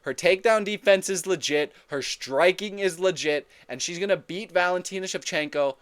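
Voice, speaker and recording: A man hosting a casual fight breakdown, talking in an excitable, profane way and often repeating and correcting himself. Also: high voice, normal speed. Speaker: MMA fight predictions host.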